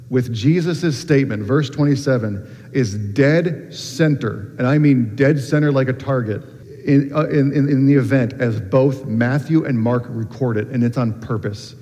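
A man preaching a sermon in a relaxed, conversational way, with frequent ums and restarts. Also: mid-range voice. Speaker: pastor. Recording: dull sound with long reverb in a hall.

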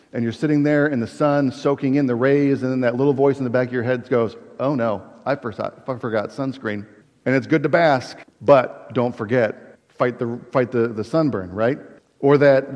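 A man's voice: mid-range voice, a little mellow. Male pastor preaching in a reverberant hall. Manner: earnest preaching with restarts and rhetorical questions. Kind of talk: sermon. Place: church sanctuary. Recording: dull reverberant hall recording.

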